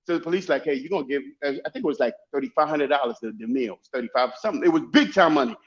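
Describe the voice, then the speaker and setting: An animated man telling stories as a guest, repeating and restarting his phrases as he goes. His voice is somewhat high for a man. The recording sounds muffled and lo-fi. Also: rapid-fire. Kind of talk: casual storytelling.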